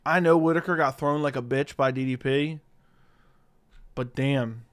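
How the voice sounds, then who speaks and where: A livestream host with a medium-pitched voice speaks in a steady tone at a measured pace into a studio dynamic mic. He casually reads viewer questions aloud and answers offhand, swearing freely.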